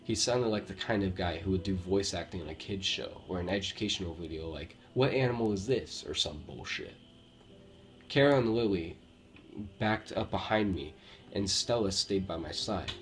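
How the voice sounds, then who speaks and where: A man from Romania with a Romanian accent, reading true scary stories aloud with a steady storytelling delivery and the odd slip. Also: deep voice, normal speed. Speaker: horror story narrator. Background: faint background music.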